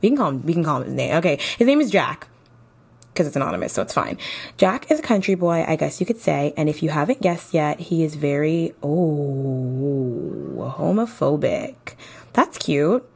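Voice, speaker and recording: A woman's voice: lively intonation, fast, vocal fry, darkish tone, husky. Chatty young woman giving sisterly advice. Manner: chatty, playful, big-sister tone with sudden high exclamations. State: tired. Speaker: podcast host. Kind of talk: casual advice podcast.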